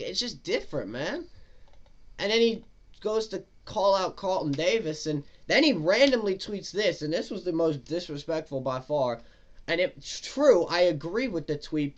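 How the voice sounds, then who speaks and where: A man's voice: a little high, dull audio. A man giving a casual, profane, exasperated rant as a football fan. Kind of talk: casual ranting commentary.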